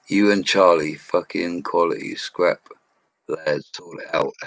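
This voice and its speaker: A man's voice: low voice, fairly even intonation, slow, creaky, fairly bright tone, no room sound. A man chatting casually on a live stream, upbeat and slangy, laughing often as he reads viewer comments. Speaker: livestream host reading viewer comments. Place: home studio.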